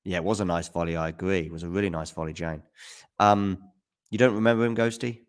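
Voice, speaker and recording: A man's voice: sits low, fast, clear, resonant tone. Chatty man commentating tennis live. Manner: chatty, answers viewers' chat by name, gets loud at big points. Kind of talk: casual live commentary reading chat. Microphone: handheld mic at times.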